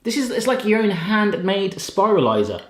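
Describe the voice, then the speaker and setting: A man, testing kitchen gadgets at home in casual chat and often bursting into excited exclamations. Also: sits high, normal speed, roomy sound.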